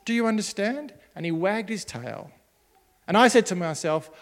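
A man with a notably high voice tells a children's story, gentle and expressive and in no hurry. His words ring out with a long, hall-like reverb behind them. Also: moderate pace.

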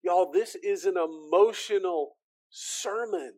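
Pastor, male, high-pitched, earnest sermon delivery that builds to emphatic peaks and falls soft. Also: slow. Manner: earnest, rising into emphatic preaching, drops to soft tones; repeats words, talks to the congregation directly.

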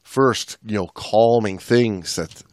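A man's voice: lowish voice, takes it slowly, darkish tone, no echo, studio quality. Rambling male dive instructor chatting. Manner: rambling, restarts often. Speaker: podcast co-host, dive instructor. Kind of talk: casual chat.

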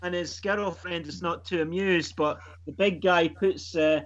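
A man's voice: a little high, fairly even intonation, unhurried. A man chatting casually in a comic book group, telling stories with lots of fillers. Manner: chatty, storytelling, hesitant with fillers. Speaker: comic book club member. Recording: dull lo-fi sound.

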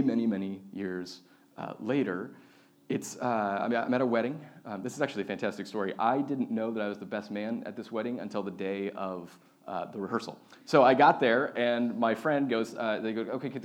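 A man in his thirties, a pastor, preaching a sermon with lively personal stories and acted-out voices. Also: mid-range voice. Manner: animated storytelling, acts out quoted voices.

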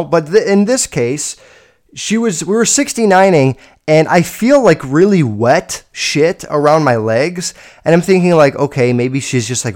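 A young man tells stories on his own podcast in a blunt, rambling way, swearing all the time. His voice sits a little high for a man. He swings between loud, excited bursts and quiet, low mutters. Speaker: podcast host. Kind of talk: casual solo podcast storytelling.

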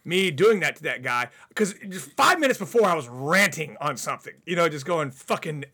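A man's voice: on the high side, moderate pace, slightly rough. A man telling stories in casual talk on radio, swearing often and acting out the people in them. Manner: profane, animated storyteller. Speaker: guest. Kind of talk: casual storytelling. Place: radio studio.

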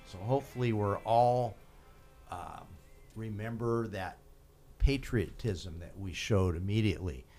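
A man hosts a local radio talk show, his voice sitting a bit low. He is chatty and tells stories, laughing easily along the way. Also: unhurried, dark tone, faint music behind.

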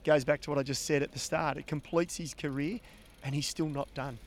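An Australian man, a former pro rider, co-hosting a cycling podcast in a relaxed, chatty way that often repeats words as he thinks. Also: fairly high pitch, fairly quick, a little hiss or hum. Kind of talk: casual podcast chat.

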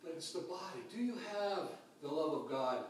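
A pastor preaching a sermon with dynamic swings between loud calls and hushed, quiet lines. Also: male voice, on the high side, animated, normal speed, far from the mic, slight background noise. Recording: echoey hall picked up from afar.

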